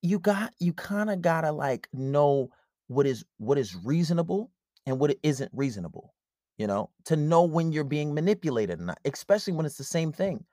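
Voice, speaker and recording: A man's voice: on the high side, very animated, normal speed, mellow, no room sound, clean studio sound. A man hosting a podcast, giving blunt, casual relationship advice and acting out bits of quoted dialogue. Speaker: podcast host.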